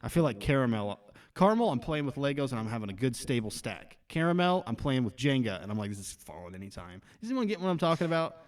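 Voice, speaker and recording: A man's voice: medium pitch, big pitch swings, fast talker, hardly any pauses. A young man co-hosting a podcast, chatting casually in a rambling way full of "like" fillers. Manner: rambling, filler-heavy, laughs at own jokes. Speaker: podcast co-host. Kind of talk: casual chat.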